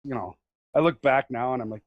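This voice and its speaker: A man's voice: medium pitch, brisk, lo-fi sound. A man co-hosting a podcast, talking in crude, joking banter and often repeating himself. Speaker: podcast co-host.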